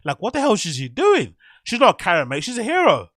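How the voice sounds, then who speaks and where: A man hosting a show, excitedly reacting to a video with slangy, swearing commentary. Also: sits high, fast, no room sound, studio quality. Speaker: host.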